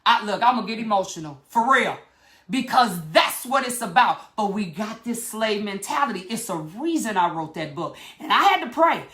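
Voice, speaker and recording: A woman's voice: mid-range voice, animated, normal speed, a bit bright. A middle-aged woman, giving an impassioned motivational talk straight to her viewers. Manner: fired-up preachy, talks straight to viewers. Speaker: vlogger.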